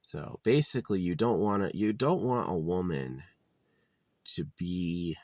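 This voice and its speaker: A man's voice: low-pitched, expressive, a little slow, darkish tone, dry recording. A man rambling in a blunt, crude monologue outdoors, full of fillers and restarts. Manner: meandering, crude, blunt opinions with many fillers.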